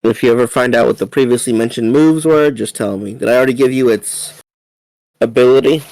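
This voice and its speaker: A young man serves as game master, listing moves and abilities in an easygoing, matter-of-fact way. His voice sits at a middle pitch and sounds dry and close to the mic. He swears casually while recapping. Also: darkish tone, no echo, low-quality recording. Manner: brisk, reads out rules and recaps casually, swears. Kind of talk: running a tabletop game over voice chat.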